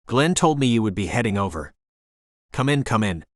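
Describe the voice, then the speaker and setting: A man voicing an energetic woman in her sixties who runs a bed and breakfast, speaking rapid-fire with a faint Jamaican accent. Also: fairly low pitch, no echo, clean studio sound. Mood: chatty.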